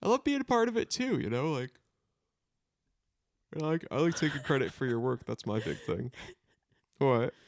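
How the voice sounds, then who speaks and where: A young man chats loosely as a podcast co-host, his pitch bouncing up and down as he rambles and keeps correcting himself. The sound is dry and close, with no room around him. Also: animated, moderate pace, long pauses, no echo. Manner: rambling, full of "like" and self-corrections. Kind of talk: casual chat.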